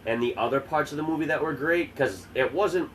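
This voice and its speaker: A man's voice: a little high, brisk, fairly bright tone, rough recording. A man co-hosting a podcast in casual chat, opinionated and profane. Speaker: podcast co-host. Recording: faint background noise.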